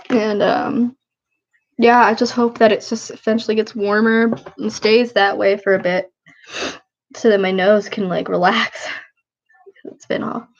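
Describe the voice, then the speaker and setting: Dull, lo-fi audio captures a sniffly, worn-out woman in her twenties chatting casually on a livestream. Her gravelly, creaky voice wanders along, low-key and poking fun at herself.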